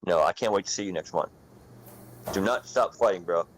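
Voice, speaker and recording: Very deep-voiced earnest man. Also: fairly quick, slight background noise, poor audio. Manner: earnest, supportive. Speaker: panel guest. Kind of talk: casual panel chat.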